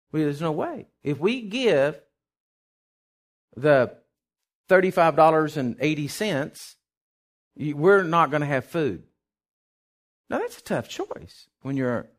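Animated man preaching a sermon. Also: high voice. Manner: animated storytelling, acts out quotes, sudden shouts. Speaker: pastor.

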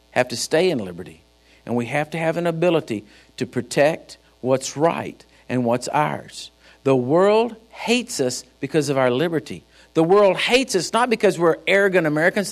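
A man with a Texan accent, preaching a sermon to his church in a folksy, emphatic storytelling manner. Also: on the high side. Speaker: pastor.

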